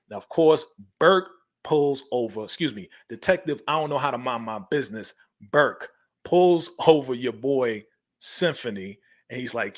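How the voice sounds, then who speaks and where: A man's voice: medium pitch, a bit bright. Male recap host, casual and slangy, voices the characters' quotes in his retelling.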